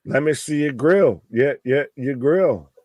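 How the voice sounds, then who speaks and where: A man's voice: medium pitch, lively intonation, a little slow, darkish tone, no room sound. A man co-hosting a live wrestling watch-along, swearing heavily and trailing off mid-sentence in exasperation. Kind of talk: profane live commentary chat.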